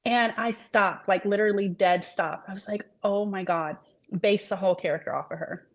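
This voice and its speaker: A woman's voice: mid-range voice, normal speed. Earnest woman author, reflective and rambling. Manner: earnest, reflective, trails off with fillers. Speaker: author guest. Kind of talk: casual interview chat.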